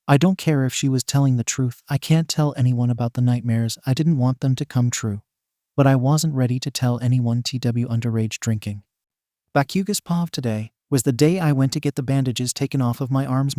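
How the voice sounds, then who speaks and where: Casting: male narrator for a story reading, steady, warm-dark tone, close dry mic. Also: medium pitch, no echo. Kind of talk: fan fiction reading.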